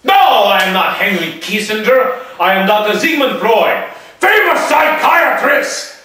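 A teenage boy putting on the voice of a pompous male psychiatrist, talking in slow, puffed-up declarations. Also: sits high, lively intonation, pushed and bright, heavy reverb, recorded from a distance, low-quality recording. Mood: indignant. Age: teens. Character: pompous male psychiatrist, an impression of a famous one.

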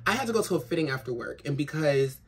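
A trans woman vlogs to camera at home in a big city, her deep voice lively, fast and a bit breathy. Drained from crying, she rambles frankly in casual chat and swears plenty. Faint city noise carries in from outside.

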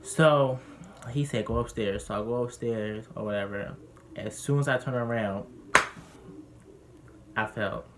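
A man's voice: lowish voice, moderate pace, pauses often, very noisy. Young man telling a candid story. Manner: candid, animated retelling, heated when quoting others. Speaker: vlogger. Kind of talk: personal storytelling.

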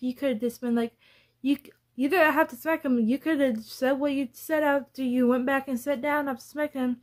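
A woman's voice: on the high side, a little mellow. A woman YouTuber ranting bluntly and profanely in a casual vlog.

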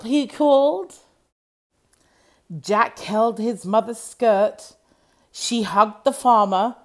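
A woman reading a children's story aloud in an animated storytelling voice. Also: medium pitch. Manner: slow, lively, animated reading.

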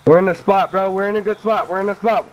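A young man chatting casually while playing a shooter game, loud, hyped and swearing, often repeating himself. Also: high-pitched, fairly even intonation, quick pace. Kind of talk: casual gaming chat. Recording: gameplay with loud noise behind.

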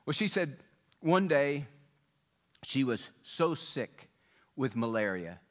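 Pastor, male, mid-pitched voice, storytelling sermon delivery, animates quoted speakers. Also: big pitch swings, slow, a bit bright. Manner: storytelling, voicing quoted people with rising pitch and volume.

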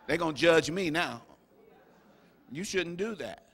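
A man serving as bishop, preaching a sermon to his congregation with animated, humorous asides and acted-out quotes. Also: a little high, a little slow, gravelly, husky. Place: large church sanctuary. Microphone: stage microphone. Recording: live sermon with long hall reverb.

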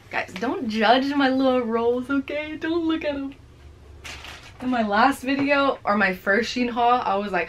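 A woman's voice: mid-range voice, normal speed, fairly bright tone, slight background noise. A young woman talking casually and chattily through a clothing try-on haul, rambling and teasing herself, a little out of breath. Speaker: fashion vlogger.

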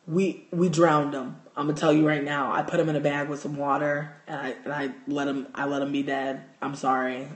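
A man telling a wild story to his livestream in a casual, profane, animated way, recorded on a phone at home. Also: fairly high pitch. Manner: animated, profane, gets loud and excited in the telling. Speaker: livestream host. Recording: roomy echo.

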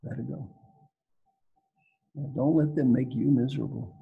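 An older man from Kentucky giving a folksy, playful talk as guest speaker on a video call, with a raspy voice. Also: medium pitch, steady tone, normal speed, phone-quality sound. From Kentucky, United States. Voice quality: gravelly, raspy. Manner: playful, teasing, repeats phrases for effect. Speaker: guest speaker, executive coach.

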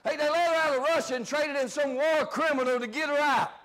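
High-pitched shouting preacher. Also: male voice, steady tone, fairly quick. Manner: shouting preacher, drops to low asides. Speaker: pastor. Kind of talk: fiery sermon.

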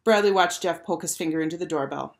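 Woman teacher, storybook read-aloud, lowish voice, clear, expressive. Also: fast.

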